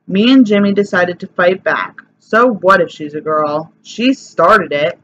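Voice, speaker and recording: A woman reading a children's chapter book aloud in a lively, plain storytelling way. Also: on the low side, unhurried, hardly any pauses. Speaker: reader. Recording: slightly dull recording, faint hiss.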